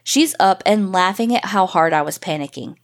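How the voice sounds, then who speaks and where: A woman podcast host reading a first-person paranormal story in a casual, profane, animated way. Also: lowish voice, moderate pace.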